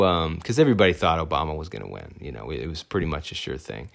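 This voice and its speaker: Low-voiced man telling a wry story. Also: fairly quick, vocal fry. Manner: rambling, many fillers and self-corrections; wry, laughs at his own story. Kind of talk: casual personal storytelling.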